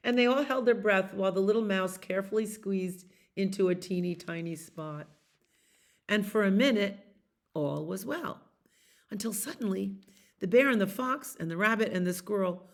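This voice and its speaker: A woman reading a bedtime picture book aloud as a library storyteller, soothing and asking her listeners questions. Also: mid-range voice.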